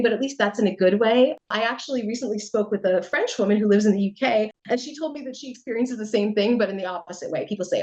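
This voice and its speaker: A woman's voice: fairly high pitch, quick pace, hardly any pauses, darkish tone. An American woman, a writer, giving thoughtful, chatty answers in an interview and laughing lightly as she talks. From United States.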